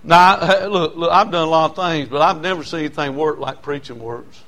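A male preacher delivers a storytelling sermon. His voice sits high for a man, and his folksy, repetitive delivery grows loud when he is stirred. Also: fairly even intonation, brisk, slight background noise.

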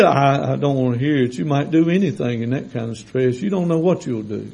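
A man preaching a sermon to his congregation in a folksy, conversational way, swelling to loud, drawn-out emphasis when he reads scripture. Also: mid-range voice, vocal fry, breathy edge, poor audio. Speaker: pastor. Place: church sanctuary with congregation.

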